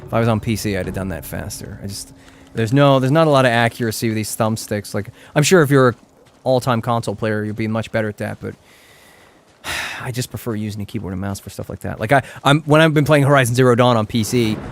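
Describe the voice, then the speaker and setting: A man's voice: lowish voice, fast, slight background noise. A man streaming a game live, chatting casually and rambling with lots of "like" as he plays. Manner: chatty, rambling, heavy use of "like". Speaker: gaming streamer. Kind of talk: casual live gameplay commentary.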